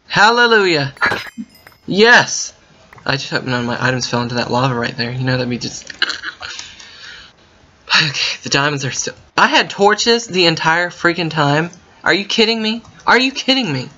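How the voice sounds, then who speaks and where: A man commenting while playing a game, thinking out loud and breaking into excited yelps and gasps. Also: mid-range voice, slight background noise. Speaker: gaming video creator. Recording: muffled lo-fi mic with faint keyboard typing.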